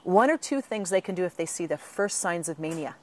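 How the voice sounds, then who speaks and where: A woman speaks in an interview, laying out her advice in a steady, earnest way. She breaks now and then into animated quoted voices of other people. Her breathing sounds a little strained. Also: fairly low pitch, brisk. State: slight breathing trouble. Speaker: author and patient advocate. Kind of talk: interview answer.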